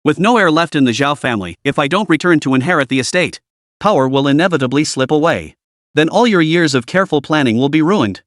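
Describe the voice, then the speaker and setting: A cold, imposing young hero, voiced by a male narrator who speaks slowly and stresses each word with cutting scorn. The read is animated in pitch and sits a touch higher than usual, recorded dry. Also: no echo, lightly acted.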